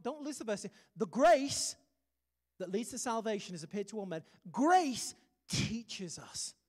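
British pastor preaching in a reverberant hall. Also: male voice, high-pitched. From Britain. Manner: emphatic, humorous preaching with sudden punchy exclamations. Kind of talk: sermon.

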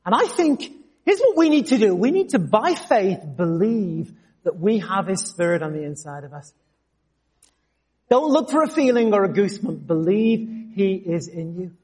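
A male preacher tells his own story during a sermon, moving from quiet asides to sudden lifts. He speaks in an animated, storytelling way. His voice sits high for a man. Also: normal speed, husky. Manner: storytelling, animated, jumps to shouts. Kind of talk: sermon with personal testimony.

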